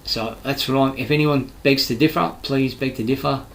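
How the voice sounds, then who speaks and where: A man's voice: medium pitch, steady tone, normal speed, gravelly, a little hiss or hum, low-quality recording. Heated, profane Australian man ranting. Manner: profane, heated and rambling, with many restarts. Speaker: construction worker giving his views. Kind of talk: rambling monologue.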